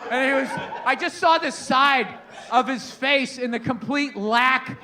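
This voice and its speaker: A man doing profane stand-up storytelling, shouting exasperated punchlines over a laughing live crowd. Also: very high-pitched, measured pace. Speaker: stand-up comedian. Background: audience laughing.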